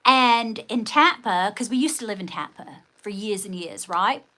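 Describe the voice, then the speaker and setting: A woman's voice: mid-range voice, expressive, moderate pace, bright, forceful tone. A woman hosting a casual livestream, chatting with viewers and thanking them, often calling them darling. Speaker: livestream host.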